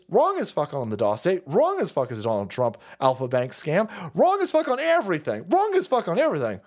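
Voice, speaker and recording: A man's voice: a little high, darkish tone. Foul-mouthed sarcastic male ranter. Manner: swings into exaggerated mocking voices. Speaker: stream host. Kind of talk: ranting political commentary stream.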